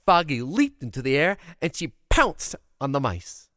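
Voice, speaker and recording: A man telling a folksy childhood tale in an animated, expressive way. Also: fairly high pitch, normal speed, dry recording, clean studio sound. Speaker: storyteller. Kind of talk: oral storytelling of a childhood tale.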